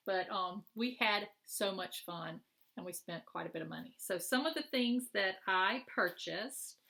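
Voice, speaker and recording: Middle-aged woman, bright clear voice, chatty show-and-tell, rambling with fillers. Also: medium pitch, measured pace. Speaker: craft vlogger. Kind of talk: casual show-and-tell chat.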